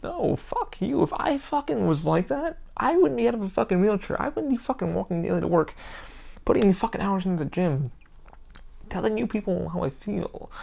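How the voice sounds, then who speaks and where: A man's voice: high-pitched, gravelly, darkish tone. A man hosting his own podcast, talking in a heated, rambling monologue with constant swearing. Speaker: podcast host. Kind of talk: casual monologue.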